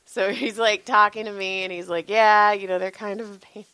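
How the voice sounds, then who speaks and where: Woman, 40s, casual podcast storytelling, animated, laughing, swearing, tired, dry sound. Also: medium pitch, brisk, clear, resonant tone, no echo. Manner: animated, laughing, swearing freely, acts out quotes. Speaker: podcast co-host, massage therapist.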